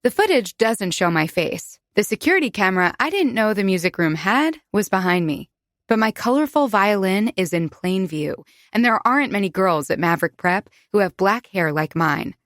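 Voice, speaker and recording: Woman narrator, mid pitch, intimate first-person audiobook reading, dry close studio sound. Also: very animated, normal speed, fairly bright tone, dry recording.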